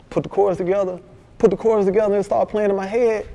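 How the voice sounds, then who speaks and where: A man with a Memphis accent, a rapper telling a story in a casual interview, animated and full of slang, acting out what others said. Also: high-pitched, moderate pace, creaky, lo-fi sound. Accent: Southern US, Memphis. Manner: animated, slangy, acts out quoted dialogue. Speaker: rapper guest.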